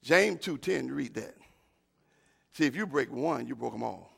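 A man preaching a sermon, calling out to his congregation, repeating himself and building up to shouts. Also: mid-range voice, animated, a little slow, gravelly, slightly rough. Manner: call-and-response, rising to shouts; repeats words and restarts often.

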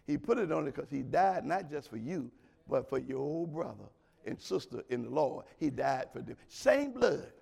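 A man preaching a sermon in a colloquial way, talking straight to the congregation and swinging between loud shouts and quiet murmurs. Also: fairly high pitch, sing-song, moderate pace, vocal fry, breathy edge.

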